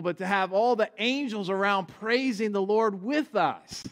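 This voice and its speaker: Higher-voiced male pastor in a reverberant hall. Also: moderate pace, few pauses, fairly bright tone. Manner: earnest, explanatory preaching with small restarts. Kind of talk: sermon.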